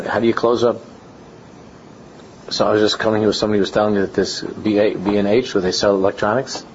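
Over a lo-fi recording with a faint noise underneath, a man gives a Talmudic-style Torah lesson peppered with Yiddish and Hebrew words. He brings his anecdotes to life, voicing the dialogue with sudden pitch shifts.

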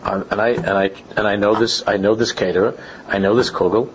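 Man, Torah teacher, animated storyteller, Yiddish and Hebrew terms, lowish voice, muffled lo-fi sound. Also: brisk. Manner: animated storytelling, acts out dialogues in pitch jumps. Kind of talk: Talmudic-style lecture with anecdotes. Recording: lo-fi recording with faint background noise.

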